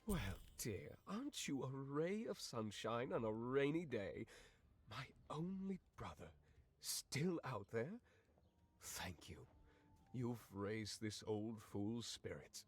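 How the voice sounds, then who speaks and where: An actor playing a kind, wistful older man who misses his soldier brother, talking gently and slowly. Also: mid-range voice, expressive, slightly rough.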